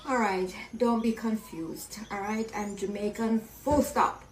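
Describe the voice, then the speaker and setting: An older woman speaking slowly and firmly. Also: medium pitch, fairly even intonation, roomy sound, distant mic, slight background noise, low-quality recording. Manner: slow, firm.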